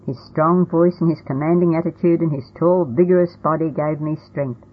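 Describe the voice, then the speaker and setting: A woman narrating a first-person storybook in a plain, steady reading manner. The sound is tinny and phone-like. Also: low-pitched, normal speed, breathy edge. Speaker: audiobook narrator.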